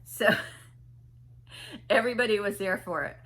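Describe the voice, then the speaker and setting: Wanita bercerita dengan suara cerah dan hidup. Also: female voice, medium pitch, slow. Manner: animated, mimics people, laughs often. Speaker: vlogger. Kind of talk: casual storytelling.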